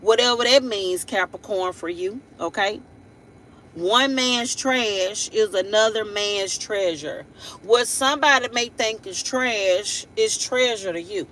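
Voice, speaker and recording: A woman gives a loose, rambling horoscope reading on a live stream, in a bright, forceful voice at a medium pitch. She talks bluntly and playfully in slangy everyday speech. She keeps checking in with her viewers through tag questions. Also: takes it slowly, a little hiss or hum, rough recording. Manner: rambling and chatty, with laughing asides and repeated tag questions. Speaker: tarot reader and live-stream host.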